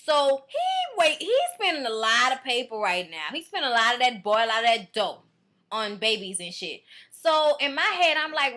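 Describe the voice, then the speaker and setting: A woman giving casual, profane commentary as a reality show reviewer, blunt and animated as she rants. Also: high voice, moderate pace.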